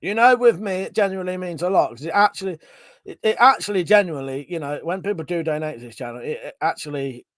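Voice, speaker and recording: Male streamer, casual and sweary, frequent laughter, slightly high pitch, close dry sound. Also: quick pace, a bit bright, no echo. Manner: laughs often, swears freely, chatty. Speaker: livestream host. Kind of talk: casual chat, reading viewer comments aloud.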